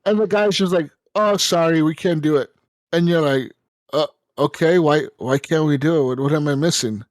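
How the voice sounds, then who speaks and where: A man co-hosting a gaming podcast, ranting in a casual, profane and animated way. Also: fairly high pitch, normal speed, dry recording, studio quality. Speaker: podcast co-host. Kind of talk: casual chat.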